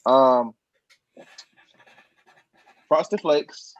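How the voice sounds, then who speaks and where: A man co-hosting a podcast, easygoing and quick to laugh in casual chat. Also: mid-range voice, highs cut off. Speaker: podcast co-host.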